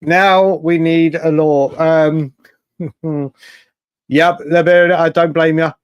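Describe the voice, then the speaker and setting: A man hosting a late-night fan livestream, chatting excitably and reading out viewer comments. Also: on the high side, takes it slowly, clear, resonant tone, no echo, muffled recording. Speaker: livestream host.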